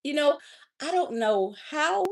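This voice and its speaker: Animated woman coach, lively talk. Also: high-pitched, a little slow, vocal fry. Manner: warm, preacherly, calls listeners honey and baby; animated, swings between loud and soft. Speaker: life coach hosting a livestream. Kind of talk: live motivational talk.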